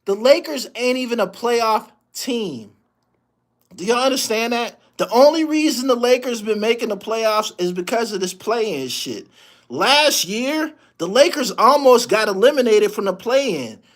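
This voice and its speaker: A man hosting a sports podcast, ranting in profane, animated commentary and laughing often. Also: very high-pitched, a little slow.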